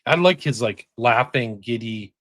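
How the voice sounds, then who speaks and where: A man talks as a guest on a podcast in a slightly husky, mid-range voice. He speaks emphatically and loosely, leaning on "like" as he goes. The sound is dry and close. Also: mid-range voice, lively intonation, measured pace, fairly bright tone, dry recording. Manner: emphatic, peppered with "like". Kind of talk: casual podcast conversation.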